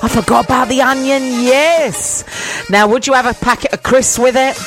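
A woman's voice: sits high, fairly even intonation, normal speed, music in the background. A woman with a southern English accent hosting a casual call-in radio show, chatty and bubbly, laughing easily as she talks. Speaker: radio host.

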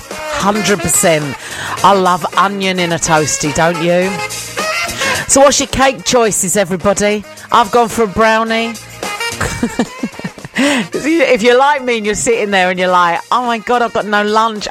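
A woman's voice: medium pitch, a little slow. Southern english lady radio host, bubbly and chatty, faint music under her. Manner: chatty, bubbly, laughs easily. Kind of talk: casual call-in radio chat.

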